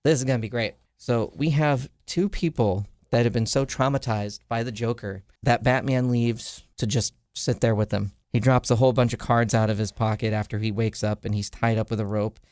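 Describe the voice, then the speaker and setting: A man's voice: mid-range voice, steady tone, normal speed, hardly any pauses, darkish tone, smooth, no room sound, clean studio sound. A man hosting a podcast, casually retelling a comic storyline with lots of "uh" fillers. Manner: rambling retelling with frequent "uh" fillers. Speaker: podcast host.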